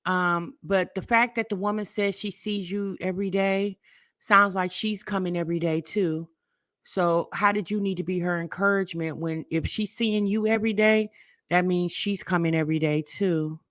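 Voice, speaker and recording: A woman's voice: on the low side, steady tone, moderate pace, fairly bright tone, dry recording, studio quality. A woman hosting a reaction channel, delivering blunt, scolding, sarcastic commentary.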